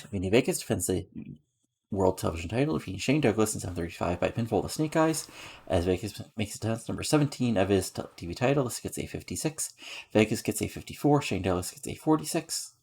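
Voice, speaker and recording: A man with a low voice narrates a game session in an easygoing, rambling way. His tone is gravelly and a little husky, and he keeps tossing in fillers as he runs through results and scores. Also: expressive, fast talker, darkish tone. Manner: rambling, filler-heavy, lists match ratings. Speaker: game streamer narrating a wrestling booking sim. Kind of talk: casual let's-play narration.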